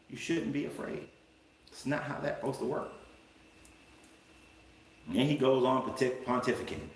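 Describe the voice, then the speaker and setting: Male livestream host, emphatic and colloquial, mid pitch, roomy sound. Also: normal speed, long pauses, far from the mic. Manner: emphatic, colloquial, with rhetorical questions. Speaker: life coach and livestream host. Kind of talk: live-streamed Bible commentary. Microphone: livestream setup. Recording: roomy room with faint background noise.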